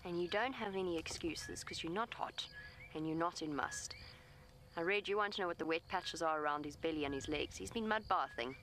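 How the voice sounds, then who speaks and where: A woman's voice: on the low side, fairly quick, fairly bright tone, slight background noise. A woman safari guide talking outdoors from her vehicle, coaxing an elephant in a soothing, pleading voice and explaining its behavior to viewers. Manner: explains animal behavior matter-of-factly. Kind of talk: live commentary to camera.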